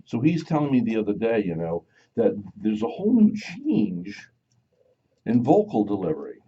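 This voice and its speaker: A man hosts a live radio show in a playful, joking way with his studio guests. His voice sits fairly low and sounds mellow. The broadcast recording is dull and lo-fi. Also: huge pitch swings, normal speed, slightly rough, far from the mic. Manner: playful, slips into put-on voices and jokes. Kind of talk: casual on-air banter.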